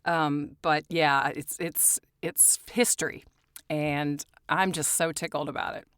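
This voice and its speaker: A woman's voice: low voice, flat delivery, takes it slowly, a bit bright, smooth, no echo, studio quality. A woman co-hosting a podcast in casual, giggly chat. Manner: giggly, drops into a put-on country drawl. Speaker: podcast co-host.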